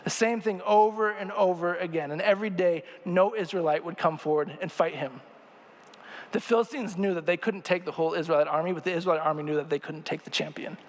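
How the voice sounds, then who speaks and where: A young male preacher with a fairly high voice gives a relaxed, joking sermon and keeps checking in with the crowd. His voice rings out with the long reverb of a large church sanctuary. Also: brisk. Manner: chatty and jokey, asks the crowd questions. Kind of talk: casual sermon.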